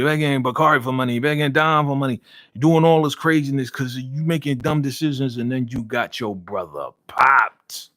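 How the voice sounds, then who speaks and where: A man's voice: fairly high pitch, fairly bright tone, no echo, clean studio sound. A man hosting a casual live stream, reading viewer comments aloud and ranting heatedly with laughs in between. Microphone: studio podcast mic.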